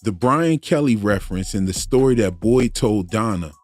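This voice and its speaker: A man's voice: on the low side, animated, moderate pace, no room sound. A man hosting a TV theory channel, giving casual analytical commentary and reasoning aloud in a conversational way. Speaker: YouTube theory channel host.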